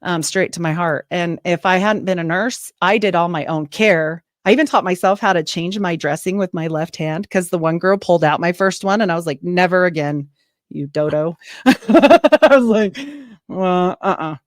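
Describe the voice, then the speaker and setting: A woman's voice: on the low side, fairly quick, hardly any pauses, no room sound, studio quality. A woman in her forties, a nurse and podcaster, telling stories in a casual interview and acting out what other people said. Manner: lively storyteller, acts out what others said. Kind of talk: casual storytelling chat.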